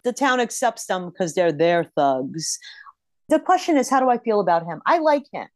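A woman's voice: mid-range voice, sing-song, normal speed, a little mellow, dry recording, clean studio sound. A woman co-hosting a podcast, chatting casually about TV shows with a playful, teasing manner. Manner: playful, teasing, laughs often. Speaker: podcast co-host. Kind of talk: casual TV recap chat.

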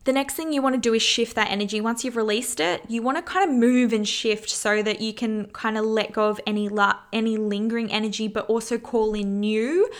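A woman's voice: fairly high pitch, steady tone, brisk, few pauses. Earnest woman coaching through emotions. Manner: earnest, coaching, swears casually. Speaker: podcast host. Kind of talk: casual self-help monologue.

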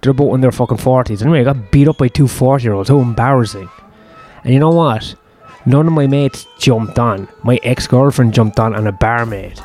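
A man's voice: mid-range voice, brisk, a little mellow, faint music behind. A man, telling a long personal story in a rambling, profane, self-deprecating way. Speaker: host.

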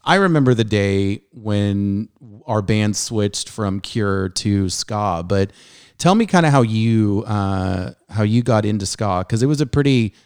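Enthusiastic middle-aged man hosting, smooth voice. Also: fairly low pitch, animated, measured pace, darkish tone, no room sound, studio quality. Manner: enthusiastic, rambling with many restarts and fillers. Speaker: podcast host. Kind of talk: casual chat.

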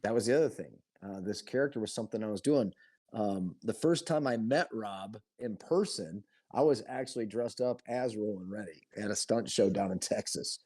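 A man being interviewed as a guest, talking about his film project in an earnest, halting way with frequent restarts. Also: lowish voice, a little mellow. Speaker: guest filmmaker and performer. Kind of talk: casual conversational interview.

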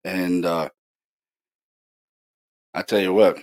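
Casting: deep-voiced male host, casual storyteller, animated and excited, filler-heavy. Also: takes it slowly. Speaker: paranormal investigator host.

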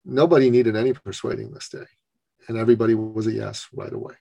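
Gravelly-voiced man telling a story. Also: on the low side, steady tone, fast, warm tone, poor audio. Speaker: podcast guest, business coach. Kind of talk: storytelling in an interview.

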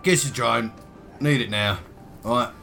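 Gravelly man, gruff player. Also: medium pitch, a little slow, sharp tone, soft background music. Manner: gruff, blunt, curt. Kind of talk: playing a tabletop game.

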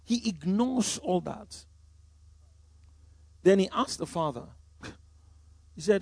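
Male pastor, high husky voice, emphatic sermon delivery. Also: animated, slow pace, no echo. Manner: emphatic, swinging from loud exclamations to hushed storytelling.

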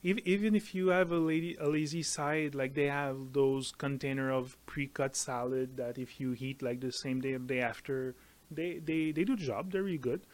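A man's voice: medium pitch, steady tone, normal speed. Hesitant man. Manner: hesitant, many fillers and restarts. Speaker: co-host. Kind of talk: casual chat.

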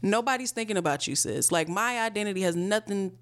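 A woman's voice: mid-range voice, animated, fast talker. A young woman in casual conversation, venting bluntly with plenty of profanity. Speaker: guest, video creator. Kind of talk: casual chat.

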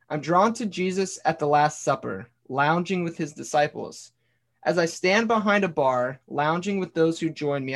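A man, a former pastor turned bartender, earnestly telling a personal story in a casual podcast conversation, swearing now and then and saying "dude" and "like". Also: on the high side. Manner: earnest storytelling, reading aloud his own journal.

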